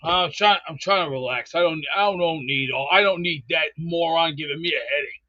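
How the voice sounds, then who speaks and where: Blustering high-voiced man on a dull line. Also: brisk, bright, forceful tone, no room sound. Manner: grumpy, blustering, repeats himself. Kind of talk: ranting call-in banter.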